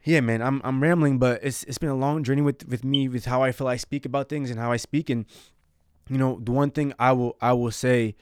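A man's voice: mid-range voice, steady tone, fairly quick, darkish tone, clear, resonant tone, dry recording, studio quality. A man hosting his own podcast, talking earnestly and a bit rambling about faith and failure. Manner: earnest, rambling, self-reflective. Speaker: podcast host.

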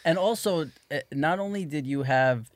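A man hosting a casual podcast, asking quick questions and agreeing often. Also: on the high side, dry recording. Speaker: podcast host. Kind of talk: casual interview chat.

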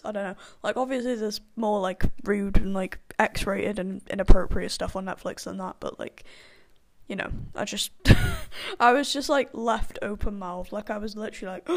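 A woman's voice: medium pitch, normal speed. A young woman rambling in a casual chat, full of fillers and frequent laughter. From partially Irish background.

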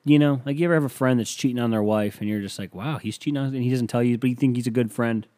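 A man's voice: medium pitch, rapid-fire, mellow. A man hosting a solo comedy podcast, delivering a rambling, sarcastic monologue full of swearing. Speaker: podcast host.

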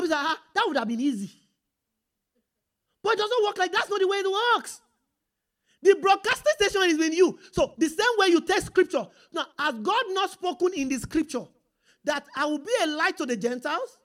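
A high-pitched woman delivers an animated sermon. She reads scripture aloud and breaks off to call out to her listeners, checking that they are following. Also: brisk. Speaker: preacher.

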